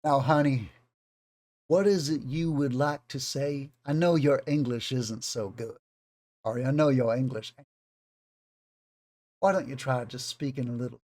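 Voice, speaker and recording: A man with a Southern US accent voicing a sweetly passive-aggressive old Southern woman who talks slowly. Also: mid-range voice, fairly even intonation, a little mellow, natural voice. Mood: condescending. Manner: slow, syrupy delivery.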